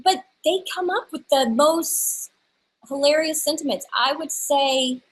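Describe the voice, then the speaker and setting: A woman's voice: sits high, measured pace, poor audio. A woman in her thirties chatting casually as an interview guest, telling a story with lots of restarts. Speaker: guest, stamp designer.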